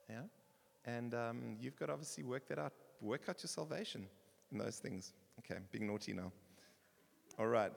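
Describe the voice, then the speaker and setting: Animated preacher in an echoing church hall. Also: male voice, fairly high pitch, creaky. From South Africa. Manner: animated preaching with bursts of shouting. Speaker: pastor. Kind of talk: sermon.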